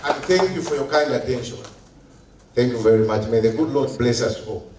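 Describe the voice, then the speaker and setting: A man giving a formal opening speech at a meeting, slow and emphatic, repeating his key phrases. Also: mid-range voice, heavy background noise. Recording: echoey hall, heard from a distance.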